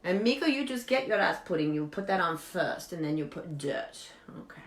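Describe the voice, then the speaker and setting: A quirky beauty guru, as a woman puts her on, talks with earnest, deadpan confidence and broken English. Her fairly low voice swings up and down with lively pitch. She is heard in a roomy, echoing space. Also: moderate pace, natural voice. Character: eccentric foreign woman giving absurd beauty tips. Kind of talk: improvised comedy character monologue. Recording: echoey room.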